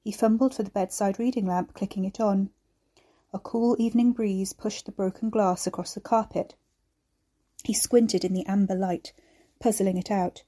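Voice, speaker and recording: A woman, the author, reading her own dark novel aloud in a measured storytelling style. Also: medium pitch, fairly even intonation. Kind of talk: audiobook narration.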